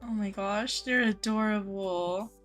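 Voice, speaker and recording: A woman's voice: medium pitch, unhurried, faint music behind. A young woman live-streaming a game, chatting casually with viewers, greeting them by name and gushing over cute things.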